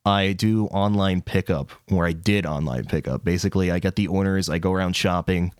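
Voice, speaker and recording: A man's voice: steady tone, a little fast, no room sound, clean studio sound. A young man, a college student, co-hosting a podcast and telling a long story with swearing and laughter. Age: young adult. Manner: rambling storyteller, swearing, laughing, voice jumps high in quotes. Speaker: podcast co-host. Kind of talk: casual chat.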